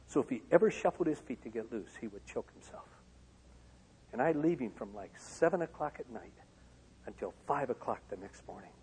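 A man from Michigan giving a personal testimony to an auditorium, swinging from loud outbursts to hushed lines. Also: medium pitch, lively intonation, brisk, a little hiss or hum. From Michigan, USA. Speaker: speaker. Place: large auditorium. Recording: long hall reverb.

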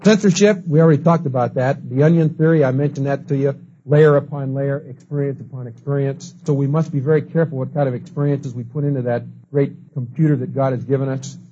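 Husky, mellow-toned man teaching a class in a lively storytelling way, dull lo-fi tape. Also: mid-range voice, fast talker. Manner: storytelling, acts out quoted people. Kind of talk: lecture with anecdotes. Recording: dull lo-fi recording.

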